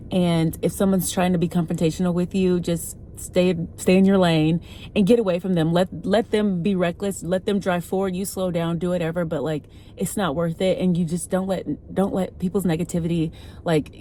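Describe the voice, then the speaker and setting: A woman's voice: fairly low pitch, dark tone, a little hiss or hum. A woman in her thirties from the American Midwest, chatting to camera in a vlog and telling a story with lots of "like" fillers. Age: 30s. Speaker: vlogger. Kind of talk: casual chat to camera.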